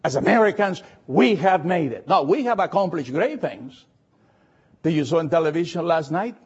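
Man preaching, high and very lively voice, dull lo-fi recording. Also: breathy edge. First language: Spanish. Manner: slow, emphatic preaching with repetitions. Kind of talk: sermon.

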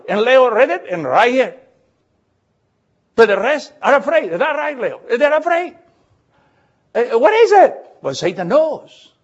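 Lively high-voiced man preaching a sermon. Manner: emphatic, repeats words, reads scripture slowly. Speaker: pastor. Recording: dull lo-fi recording.

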